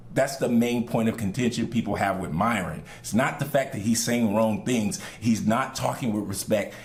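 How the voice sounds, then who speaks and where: Man lecturing in a reaction podcast. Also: medium pitch. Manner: argumentative, lecturing, emphatic. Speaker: podcast host reacting to a clip. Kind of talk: reaction commentary.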